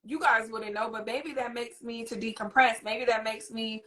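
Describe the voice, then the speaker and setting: Woman host giving parenting tips, kinda high voice, animated and teacherly. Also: moderate pace. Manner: animated, teacherly, demonstrates a soothing voice. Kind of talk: live interview chat.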